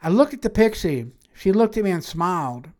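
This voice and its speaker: A woman's voice: on the low side, sing-song, a little fast, a little mellow. A woman reading a first-person fantasy story aloud in a wry, matter-of-fact way.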